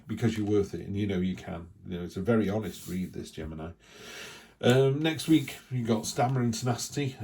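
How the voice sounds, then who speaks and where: A man's voice: lowish voice, warm tone. A man giving a casual, rambling tarot reading, with frequent restarts and asides. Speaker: tarot reader.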